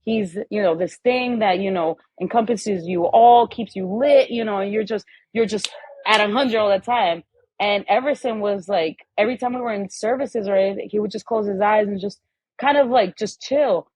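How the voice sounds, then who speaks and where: A woman's voice: mid-range voice, moderate pace, darkish tone, slightly rough, no echo, rough recording. A woman guest on a podcast in casual conversation, telling stories animatedly and acting out the voices of the people in them.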